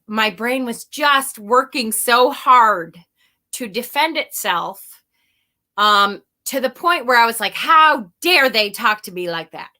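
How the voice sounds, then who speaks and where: A woman with a bright, fairly high voice talks openly to her viewers. She rambles and restarts, swears now and then and laughs at herself, with the easy candor of a personal vlog. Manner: reads and answers viewer comments aloud. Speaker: spiritual vlogger. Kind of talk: casual confessional talk to viewers.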